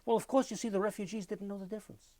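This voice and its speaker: An older man, telling lively anecdotes in an oral history interview and mimicking sounds as he goes. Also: sits high, rapid-fire, dry recording. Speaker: interviewee, musician.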